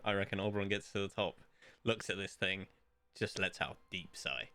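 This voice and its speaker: A man's voice: low-pitched, fairly quick, crowd noise. A man playing a tabletop role-playing game, talking casually with a dry, sarcastic humor. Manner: dry, sarcastic, laughing often. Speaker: player.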